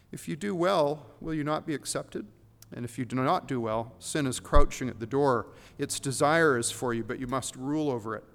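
Male pastor, emphatic sermon delivery, somewhat high voice, echoing sanctuary sound. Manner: earnest, emphatic, with many fillers. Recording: long hall reverb.

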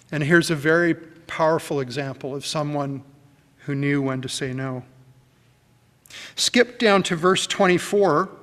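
A man preaching a sermon to a church congregation, emphatic and deliberate, stretching his phrases. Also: a little high, pushed and bright. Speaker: pastor. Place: church sanctuary. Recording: long hall reverb.

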